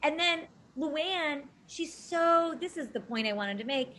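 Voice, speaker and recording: A woman co-hosts a casual podcast conversation. Her voice sits high and sounds bright and forceful. She talks emphatically, with a ring of indignation. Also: expressive, unhurried. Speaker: podcast co-host. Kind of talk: casual chat.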